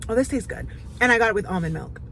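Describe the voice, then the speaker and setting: A woman's voice: fairly high pitch, animated, fast, fairly bright tone, slight background noise, poor audio. A woman chatting casually to camera for her small business vlog, talking in an upbeat, rambling way with lots of fillers. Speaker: small business owner vlogging.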